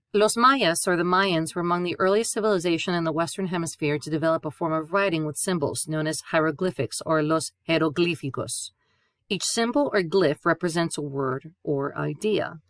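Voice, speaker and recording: A woman teaching a Spanish lesson, patiently spelling out letters and repeating sounds clearly. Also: on the low side, a bit bright, dry recording, clean studio sound. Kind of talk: classroom lesson.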